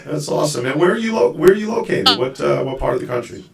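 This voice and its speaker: A man hosting a live video-call show, talking in a casual, halting way with lots of fillers and restarts. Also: a little high, expressive, creaky. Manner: rambling, halting, with many fillers. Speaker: show host. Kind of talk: casual live-stream chat.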